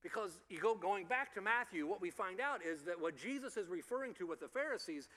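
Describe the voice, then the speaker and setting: A man preaching a sermon, rising to emphatic lines and dropping soft for quiet ones, with some ums while he explains. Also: sits high, lively intonation, brisk, big-room sound. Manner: uses fillers like um and uh while explaining. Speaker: pastor.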